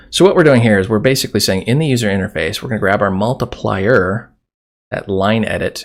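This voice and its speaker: Male coding instructor, low gravelly voice, casual screen-recorded tutorial, keyboard typing in background. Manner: casual, chatty, jokes while typing code. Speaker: programming instructor.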